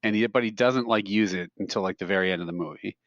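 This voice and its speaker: He's a fast-talking co-host with a lowish, slightly bright voice, chatting casually on a podcast and rambling through humorous stories he keeps laughing at. The recording is dry, from a slightly dull podcast mic.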